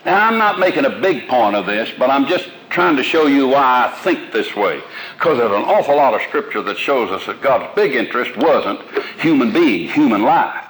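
A man's voice: medium pitch, lively intonation, moderate pace, a bit bright, low-quality recording. Older man preaching folksy sermon. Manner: folksy, homespun, with plain everyday examples. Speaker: pastor. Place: room with a congregation.

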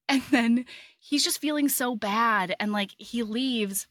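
Chatty, animated woman podcast host. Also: a little high, takes it slowly, no echo, studio quality. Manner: chatty, animated, swears casually. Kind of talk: casual book recap.

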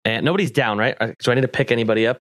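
A man's voice: medium pitch, racing, fairly bright tone, no room sound, clean studio sound. A man playing a tabletop game, thinking aloud as he counts out his moves. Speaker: player.

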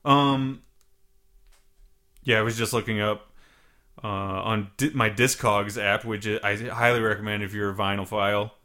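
A man's voice: lowish voice, fairly even intonation, normal speed, long pauses, sharp tone. A man co-hosting a podcast with a loose, rambling way of talking. He swears casually and drifts between thoughts in easygoing chat. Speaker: podcast co-host.

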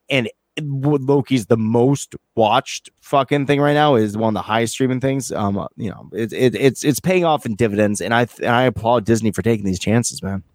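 A man's voice: medium pitch, animated, fairly quick, few pauses, dry recording, studio quality. A man co-hosting a casual podcast about a TV show, who swears often and acts out quotes with energy. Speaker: podcast co-host.

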